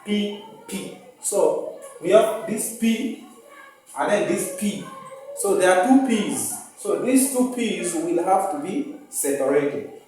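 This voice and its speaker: A man's voice: high-pitched, expressive, takes it slowly, a little mellow, slight background noise. A male teacher with an East African English accent giving a phonics lesson, repeating words and sounding out syllables patiently. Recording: echoey room, mic at a distance.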